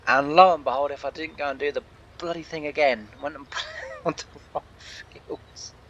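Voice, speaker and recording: A man's voice: medium pitch, a bit bright, muffled recording, slight background noise. A man telling a long casual story while playing a game, laughing often and acting out the people he quotes. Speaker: gaming channel host. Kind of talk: casual storytelling over gameplay.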